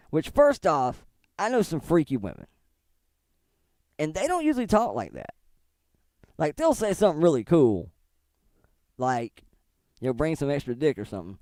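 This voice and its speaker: A man's voice: a little high, very animated, moderate pace, long pauses, a little mellow, dry recording, studio quality. A middle-aged man giving casual, profane commentary on online drama, rambling and laughing often as he talks. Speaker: commentary streamer.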